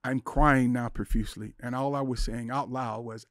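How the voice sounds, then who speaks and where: A man's voice: mid-range voice, steady tone, normal speed, few pauses, no room sound, studio quality. A middle-aged man, a podcast guest, telling an emotional personal story with intensity, acting out the voices in his head. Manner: intense, acts out inner voices and quotes.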